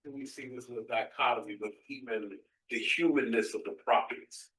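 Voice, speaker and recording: Bright-voiced man, distant and echoey. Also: mid-range voice, normal speed. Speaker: study group participant. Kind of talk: discussion comment. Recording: echoey room, voice from far off.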